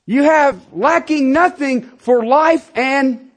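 A middle-aged man preaching a sermon as a pastor, emphatic, swinging between loud declarations and quiet asides. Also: very high-pitched, slow.

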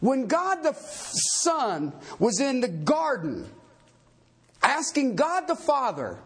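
A man preaching in a church, his voice very high and a little husky. He delivers the sermon with force and keeps throwing rhetorical questions at the congregation. His pitch climbs and drops all over the place as he drives each point home. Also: wildly swooping pitch, unhurried. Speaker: pastor.

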